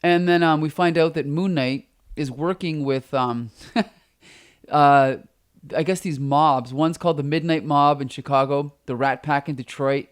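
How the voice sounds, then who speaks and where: Animated podcast co-host with a lozenge. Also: male voice, a little high, a little slow, smooth. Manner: talks with a lozenge in his mouth. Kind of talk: casual chat.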